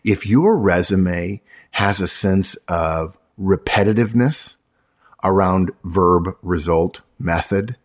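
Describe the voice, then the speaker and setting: A man's voice: low voice, slow. A man who works as a recruiter gives emphatic, punchy resume advice, hammering his points home and addressing listeners as folks.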